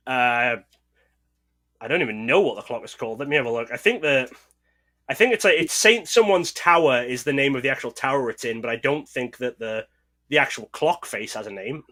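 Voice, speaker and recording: A man with a faint Northeast English accent talks through collecting and trivia in a relaxed podcast chat. His voice is bright and clear, at an average pitch. He explains patiently and lets his sentences trail off softly. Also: a little fast. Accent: mild Northeast English. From Northeast England. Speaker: podcast co-host. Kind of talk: casual chat.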